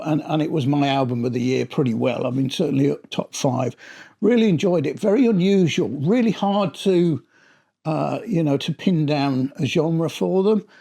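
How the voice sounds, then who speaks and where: A man's voice: fairly high pitch, creaky, dark tone. A middle-aged man giving a casual, rambling spoken review of a vinyl album, often restarting his sentences. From Britain.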